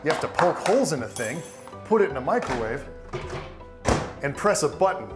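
A man's voice: on the high side, sing-song, fairly quick, loud music behind the voice. A man co-hosting a film discussion as a filmmaker, joking and wry in casual chat.

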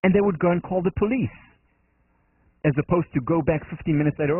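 A man's voice: fairly high pitch, expressive, fairly quick, no room sound. Male lecturer, Israeli accent, earnest explainer, thin dry lo-fi recording. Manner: earnest, explanatory, acts out quotes in the story. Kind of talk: university lecture. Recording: dry, phone-like narrow band.

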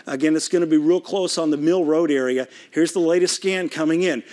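A man's voice: fairly high pitch, fairly even intonation, a little fast, a little mellow. A man giving live severe weather coverage as a TV meteorologist, talking urgently while working the radar from a weather studio.

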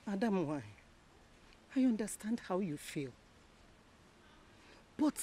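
An actress with a Nigerian accent playing a calm mother who advises her daughter in a soothing, persuasive way. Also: fairly high pitch, husky, full character voice.

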